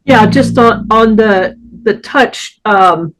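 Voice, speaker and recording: A woman panelist sharing personal experience in a halting way, with many restarts. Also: mid-range voice, poor audio.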